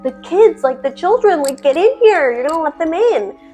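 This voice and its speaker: A woman's voice: high voice, dark tone, faint music behind, pitched above the performer's own voice. A woman doing a frantic little girl. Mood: urgent. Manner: frantic, hurried pleading. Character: small scared girl, urgent and hushed.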